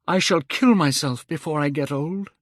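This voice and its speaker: A man's voice: on the high side, normal speed, no room sound, clean studio sound, pitched above the performer's own voice, lightly acted. A man voicing a beautiful, vain young man who pleads in anguish. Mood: bitter.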